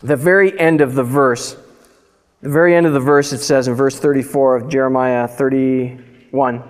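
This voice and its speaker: A man's voice: medium pitch, fairly even intonation, moderate pace. Man preaching in a reverberant hall. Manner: reads scripture aloud and breaks in with loose, conversational asides. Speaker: pastor. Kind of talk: sermon.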